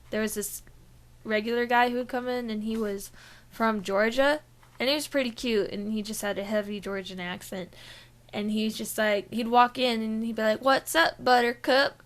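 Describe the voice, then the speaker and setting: A fairly high-voiced woman co-hosting a gaming podcast. She chats casually and giggles a lot. She talks in a lively, animated way and breaks into silly voices now and then. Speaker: podcast co-host.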